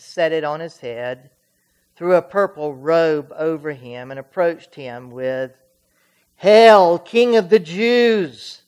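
Calm church reader going slow through scripture, steady. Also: mid-range voice. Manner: measured, steady reading. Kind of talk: scripture reading at a service.

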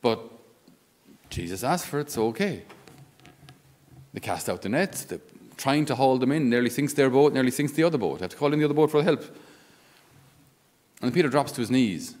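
A man's voice: mid-range voice, animated, fairly quick, pauses often, a little mellow. A man with an Irish accent, a Catholic priest giving a conversational homily with wry asides. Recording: long reverb of a large hall.

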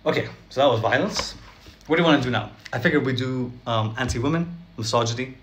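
A man's voice: medium pitch, quick pace, a bit bright. A man talking casually to camera in a sarcastic, chatty way, often laughing and asking "right?" between points. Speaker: vlogger. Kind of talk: casual direct-to-camera commentary.

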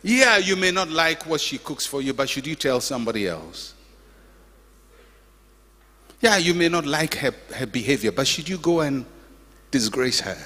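An older pastor preaching a sermon in a church, with emphatic, repetitive exhortation and humorous asides. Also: male voice, mid-range voice, lively intonation, normal speed, sharp tone, slightly rough. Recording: echoey church hall.

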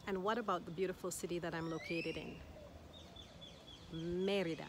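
A woman giving a slow, clear language lesson, encouraging the listener and repeating words carefully. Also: fairly low pitch, steady tone, noisy background. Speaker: Spanish teacher. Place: outdoors in Mexico.

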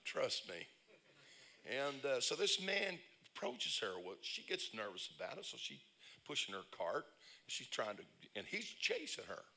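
A man preaching a lively, humorous sermon, telling stories and breaking into shouts. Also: mid-range voice, a little slow, gravelly. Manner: animated storyteller, bursts into shouts and laughs. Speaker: pastor. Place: church conference service.

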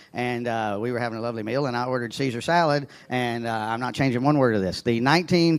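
A man from Alabama with a Southern accent doing wry stand-up comedy on a club stage. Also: mid-range voice. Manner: wry, building to exasperated punchlines.

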